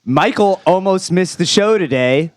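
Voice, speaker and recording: Stammering radio co-host, lively pitch. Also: male voice, a little slow, no echo, clean studio sound. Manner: hesitant, stammering. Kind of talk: casual studio banter. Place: radio studio.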